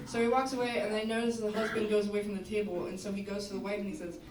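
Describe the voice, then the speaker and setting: A woman's voice: mid-range voice, little pitch movement, racing, a crowd in the background. A woman musician chatting casually between songs at a live show, rambling, swearing and correcting herself as she goes. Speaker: musician performing a live set. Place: small live music venue. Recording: echoey room, far from the mic, music.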